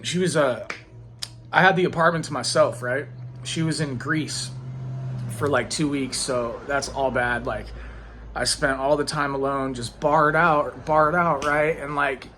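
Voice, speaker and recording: A man's voice: mid-range voice, a bit bright. Rambling young man telling his story. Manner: rambling, filler-heavy, frequent "like" and "right?". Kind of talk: casual spoken storytelling.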